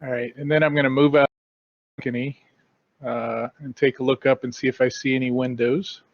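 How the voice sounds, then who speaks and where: A man's voice: medium pitch, flat delivery, brisk, no room sound, highs cut off. A man playing a tabletop game over voice chat, asking hesitant questions full of fillers. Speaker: player.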